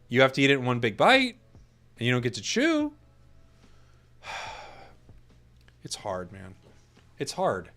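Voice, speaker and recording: During a break in an esports tournament he's casting, a man jokes with his stream chat in mock outrage, stammering, restarting, and laughing quickly. His voice is medium-pitched, sing-song and bright, with a forceful tone.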